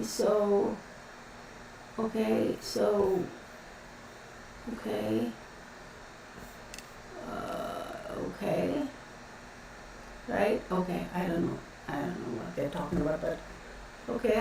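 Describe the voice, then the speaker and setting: A woman's voice: medium pitch, animated, slow pace, creaky, pauses often, dark tone. Woman hosting a tarot live stream, talkative and rambling, heard from across a very echoey room. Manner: chatty, rambling, greets viewers by name. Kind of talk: casual live-stream chat. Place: home room with a fan running. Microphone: distant mic, noticeable echo. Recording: very echoey room, voice far from mic, faint fan noise.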